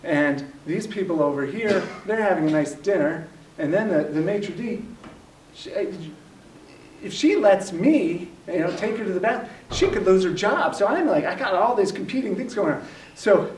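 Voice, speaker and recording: A man telling a personal story to a live workshop audience, animated and self-mocking. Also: high voice. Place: library workshop room. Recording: echoey room, distant mic, faint noise.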